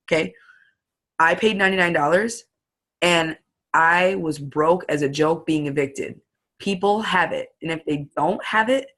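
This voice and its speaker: A woman giving an excited, chatty coaching talk to her sales team, acting out her phone calls as quotes. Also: lowish voice. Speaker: network marketing team leader.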